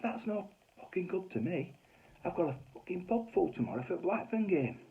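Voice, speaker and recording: A man voicing a furious tiny pub landlady, swearing and shouting threats, on a tinny phone-quality recording. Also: a little high, very animated, fairly quick, breathy edge, pitched above the performer's own voice, full character voice.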